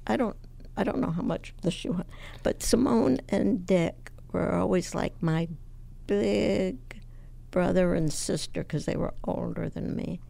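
Squeaky, gravelly woman in her eighties. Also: mellow. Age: 80s. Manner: slow, halting, gravelly storytelling. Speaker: radio guest. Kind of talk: conversational interview. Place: radio studio.

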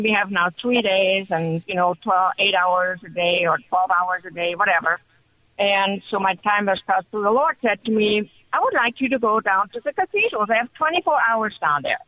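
A woman calling in to a radio show, telling her story with excited, animated energy over the telephone. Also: medium pitch, dry recording. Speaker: caller. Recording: dull phone line.

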